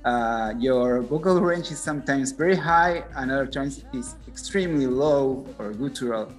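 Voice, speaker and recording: A man hosting an interview in English, which is not his first language; his first language is Spanish, and he talks haltingly with many pauses and restarts. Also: medium pitch, faint music behind. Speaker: podcast host, interviewer. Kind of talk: casual interview conversation.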